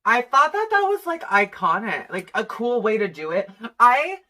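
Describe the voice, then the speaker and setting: A guest in a casual chat, gossipy and slangy, dropping into quick impressions. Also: mid-range voice, very animated, sharp tone.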